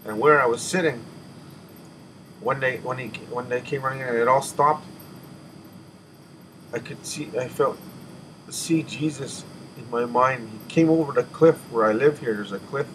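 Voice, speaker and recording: A man giving an emotional personal testimony, halting and restarting often, with sighs as he catches his breath. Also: mid-range voice, fairly bright tone, low-quality recording. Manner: halting, with many restarts and repeated words. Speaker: person telling a spiritual testimony. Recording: audible background noise.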